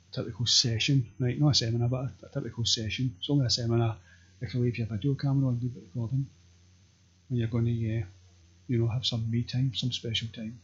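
Husky Scottish man rambling crudely. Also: medium pitch. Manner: crude, meandering, deadpan. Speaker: vlogger. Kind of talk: rambling comic monologue. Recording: dull lo-fi recording.

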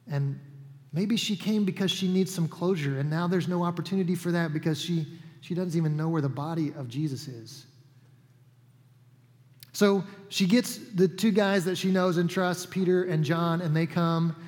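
A man delivers a sermon in a relaxed, conversational storytelling manner, slipping in casual asides between scripture readings. His voice sits a little higher than usual for a man. A long hall reverb trails behind his words. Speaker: pastor.

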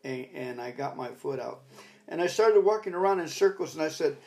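A man's voice: mid-range voice, animated, fairly quick, creaky. An older man telling a rambling personal story in a casual, reflective talk. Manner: rambling storyteller, bursts into loud commands when retelling. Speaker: recovery talk speaker.

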